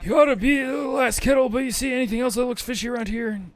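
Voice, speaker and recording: A man's voice: fairly even intonation, quick pace. A man reading aloud the lines of an upbeat game character who gives a field agent orders. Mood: chipper. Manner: reading on-screen game dialogue aloud, pitched up.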